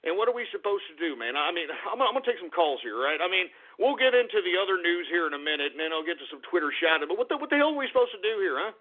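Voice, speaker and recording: A man's voice: high voice, big pitch swings, very fast, few pauses. A man hosting a talk radio show, ranting heatedly, swearing and stammering in agitation. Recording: phone-like lo-fi radio audio.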